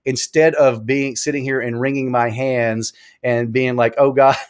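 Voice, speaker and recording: A man hosting a casual live stream from a small room at home, rambling and animated, repeating himself as he talks. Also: mid-range voice, measured pace, clear, resonant tone. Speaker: live show host.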